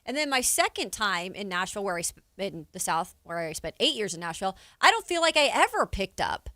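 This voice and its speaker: Chatty, bright-toned sports radio woman. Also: mid-range voice, sing-song, fairly quick, no room sound, studio quality. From Spokane, Washington. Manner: chatty, laughs easily. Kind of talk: casual sports talk.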